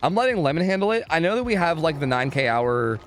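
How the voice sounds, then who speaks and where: A man's voice: on the high side, fast, a little hiss or hum. A young man streaming a game from home, chatting casually with his viewers, swearing a lot and ranting with plenty of energy. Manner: profane, animated and ranting, talks to chat. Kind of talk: casual livestream chat.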